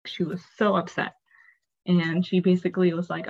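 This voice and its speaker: Young woman, guest storyteller, low-ish voice, candid and halting, slightly muffled audio. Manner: candid, halting, acts out quoted dialogue, frequent "like". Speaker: interview guest. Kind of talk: personal storytelling in conversation.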